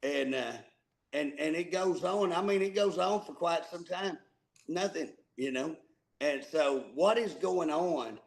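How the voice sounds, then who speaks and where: A man's voice: a little high, measured pace, gravelly, poor audio. A man co-hosting a casual political talk show, folksy and emphatic, often repeating words as he starts a thought. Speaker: co-host.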